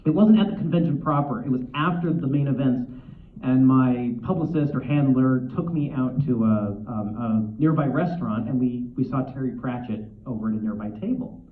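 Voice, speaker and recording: A man in his thirties speaks on a convention panel as a lively storyteller who rushes ahead and fixes his own words as he goes. His voice is mid-pitched. It comes across tinny and thin, picked up from some distance in an echoey room. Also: slight background noise. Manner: animated, quick, self-correcting storyteller. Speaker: guest author.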